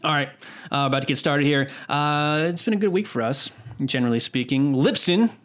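A man's voice: on the high side, a little fast, a bit bright. A man co-hosting a podcast in loose, joking banter, swearing freely. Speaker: podcast co-host.

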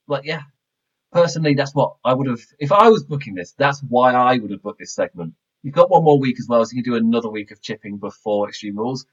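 A man casually reviewing a wrestling show, animated and laughing often. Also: mid-range voice, breathy edge. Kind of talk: casual review chat with commentary. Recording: slightly dull lo-fi mic.

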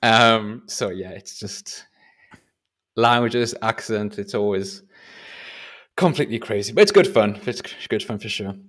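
A man's voice: lowish voice, measured pace, a bit bright. A man from the North of England with a Northern English accent, hosting a casual podcast chat in a rambling, chatty way. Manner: chatty, rambling, restarts often. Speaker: podcast host.

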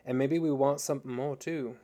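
A man voicing a burly male street thug who talks loud and threatening. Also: mid-range voice, fairly even intonation, brisk, lightly acted. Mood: menacing.

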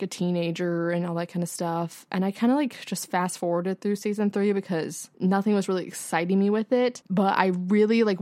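A young woman co-hosts a podcast in a lowish, slightly mellow voice with no echo. It's casual chat, peppered with "like" fillers and frequent swearing.

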